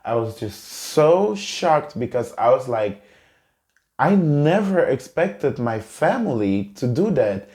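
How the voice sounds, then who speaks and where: A man's voice: medium pitch, big pitch swings, slow pace, darkish tone. A man earnestly and emotionally telling a personal story to camera in a vlog. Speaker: vlogger.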